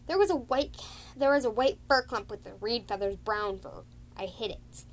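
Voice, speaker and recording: A woman's voice: a little high, normal speed, natural voice. A grudging, secretive old mentor cat who wants to be left alone, voiced by a woman. The replies come short and clipped. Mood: grumpy. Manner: curt, grudging.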